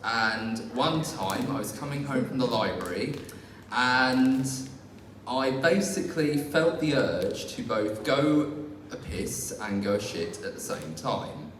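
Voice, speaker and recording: A man's voice: medium pitch, lively intonation, slow. A young man doing a live stand-up set, rambling and self-deprecating with many fillers and restarts. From England. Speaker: stand-up comedian. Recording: far-off echoey hall recording, faint noise.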